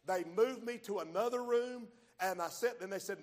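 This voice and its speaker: A high-voiced pastor preaches in a large church hall whose long reverb trails each phrase. He swings from loud, shouted peaks down to low, quiet asides. He slows down and stretches his key lines. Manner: drawls key phrases slowly. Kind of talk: sermon.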